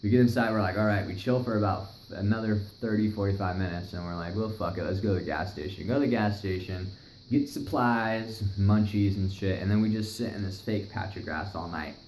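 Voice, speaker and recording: A man's voice: fairly low pitch, brisk. A young man casually telling a wild story, swearing a lot and acting out what people said. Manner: profane, animated, acts out other people's lines. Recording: echoey room, faint noise.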